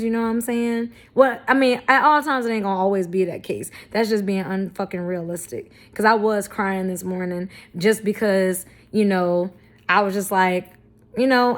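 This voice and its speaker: A woman in her thirties talking candidly to camera, blunt and profane, with emphatic, self-affirming spiritual talk. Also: mid-range voice. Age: 30s. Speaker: vlogger.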